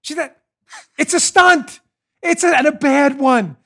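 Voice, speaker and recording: A man hosting a political commentary show, talking in an animated, mocking, rant-like way into a studio microphone. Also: extremely high pitch, unhurried, creaky. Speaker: show host.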